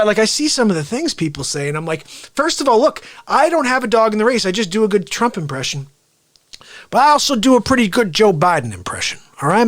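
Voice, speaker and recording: A man hosting a daily live stream and chatting casually in a quick, offhand way. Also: high-pitched, very animated, fairly bright tone.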